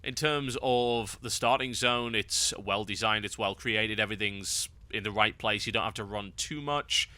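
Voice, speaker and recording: A man's voice: lowish voice, moderate pace, hardly any pauses, sharp tone, no room sound. A man hosting a game guide, giving wry, sarcastic gameplay commentary.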